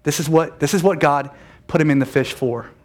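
A man preaching a sermon to his church, his voice sitting a touch higher than most men's. He talks in a conversational, animated way, catching himself mid-sentence and tossing in quick asides. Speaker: pastor.

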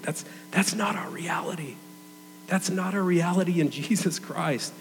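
A man's voice: a little high, lively intonation, moderate pace, background noise. Earnest man preaching in a reverberant hall. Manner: conversational, earnest, casual fillers like "man". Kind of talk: sermon.

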